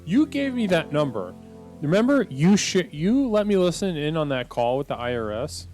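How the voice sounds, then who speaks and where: Animated, deadpan male comedy host. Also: on the high side, moderate pace, soft background music. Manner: deadpan, patient, stammering restarts. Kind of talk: improvised comedy banter.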